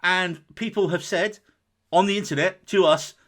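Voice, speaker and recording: This Englishman's voice sits high and moves at a moderate pace as he co-hosts a podcast. The chat is casual and lively, and he jokes around while reading listener comments aloud.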